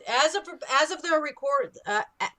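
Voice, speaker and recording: A groggy woman joins a casual podcast conversation, speaking a little slowly and losing her train of thought. Her voice is slightly higher than average. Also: animated, sharp tone. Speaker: podcast co-host. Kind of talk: casual chat.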